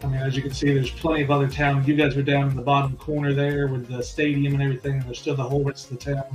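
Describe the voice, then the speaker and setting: A man's voice: mid-range voice, flat delivery, very fast, a little mellow, soft background music. A man running a tabletop game as game master, recapping and describing the setting in a loose, meandering way.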